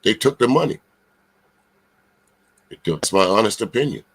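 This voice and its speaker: Talking back at a clip, this Charleston, South Carolina man offers casual reaction commentary in a lowish, expressive, husky voice. He's blunt, emphatic, swears freely, and trips over long filler sounds between his points.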